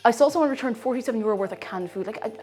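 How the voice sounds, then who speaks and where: A woman's voice: on the high side, rapid-fire, a little mellow. A young woman streamer chatting casually and rambling while she cooks, with frequent exclamations. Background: faint music.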